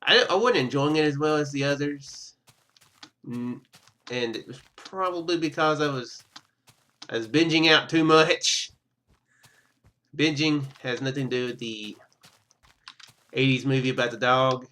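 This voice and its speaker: Slow, bright-voiced rambling gamer man. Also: medium pitch. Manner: rambling, stammering, self-interrupting with chuckles. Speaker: gaming YouTuber. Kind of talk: rambling casual gameplay commentary. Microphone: webcam microphone.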